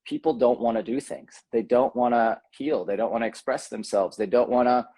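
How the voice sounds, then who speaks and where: A man's voice: mid-range voice, steady tone, brisk, mellow, breathy edge. A man speaking as a podcast guest, earnest and thoughtful, with frequent ums and restarts in a casual conversation. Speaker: podcast guest, tantra coach.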